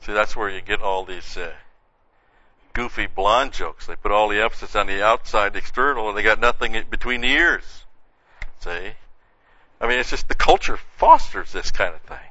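Guy preaching a bible sermon, lowish voice but really bright and cutting, folksy "see?" asides, dry muffled old recording. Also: moderate pace, no room sound. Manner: conversational preaching with frequent "see" and "you know". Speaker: pastor. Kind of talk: sermon, verse-by-verse Bible teaching. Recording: dull, muffled lo-fi sound.

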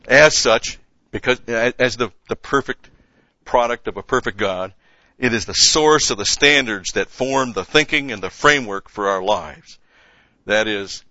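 A man teaching a conversational Bible-study sermon, emphatic, rising in pitch and volume on key points and asking rhetorical questions. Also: pushed and bright, no echo, muffled recording.

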